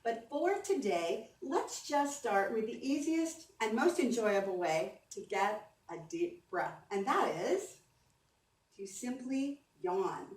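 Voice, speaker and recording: Her slow, slightly high voice carries lively intonation as she presents on stage, encouraging listeners and walking them through breathing drills; the hall recording sounds distant and roomy, with faint background ambience.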